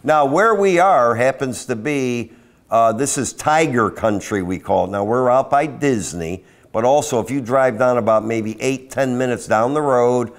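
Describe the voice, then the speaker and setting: A man telling long, wandering stories in a casual chat with friends. His voice sits at an ordinary middle pitch. He keeps breaking off into asides before getting back to the point. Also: a little slow. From Florida. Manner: rambling, animated storyteller with frequent asides. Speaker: podcast co-host.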